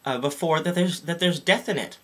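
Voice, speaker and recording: A man's voice: fairly high pitch, fairly quick, fairly bright tone, pitched above the performer's own voice. A young man voicing an indignant father complaining on the phone, whiny and accusing, who keeps saying the clerk's name. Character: indignant, fussy male customer, a father on the phone.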